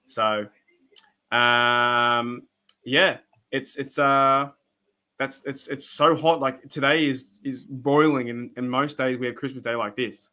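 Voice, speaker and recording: A man's voice: medium pitch, fairly even intonation, slow pace, bright, forceful tone. Rambling Australian guy on a live stream. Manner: rambling, chatty, many restarts and fillers. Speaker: live stream host reacting to football. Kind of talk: casual live stream chat.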